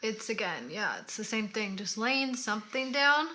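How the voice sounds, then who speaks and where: A woman's voice: fairly high pitch, animated, moderate pace, pushed and bright. A woman co-hosting a casual makeup tutorial, playful and giving tips as she goes. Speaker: co-host of a makeup channel.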